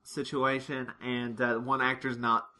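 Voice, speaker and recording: Woman, podcast co-host, casual recap chat, swears a lot, low bright voice. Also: little pitch movement, measured pace. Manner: chatty, swears freely, acts out lines in silly voices.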